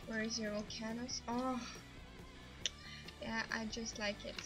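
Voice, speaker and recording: Excitable woman streaming a game. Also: a little high, a little slow, over music, poor audio. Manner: excitable, laughs often, non-native grammar. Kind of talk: live stream gameplay commentary.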